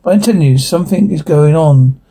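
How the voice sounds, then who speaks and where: A man's voice: fairly high pitch, a little fast, mellow, slightly rough. A man reading a desperate mother. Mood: pleading. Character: anxious middle-aged mother pleading with priest.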